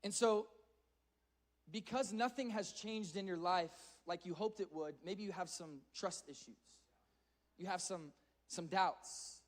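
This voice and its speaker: A man's voice: high voice, measured pace. A man giving an earnest, conversational sermon to a youth audience, often repeating words as he speeds up. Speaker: youth speaker.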